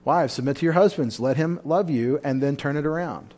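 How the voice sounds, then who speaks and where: A man preaching a sermon at a Bible study, fervent and emotional, his voice rising loud and then dropping back. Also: a little high, a little fast. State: tired. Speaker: pastor.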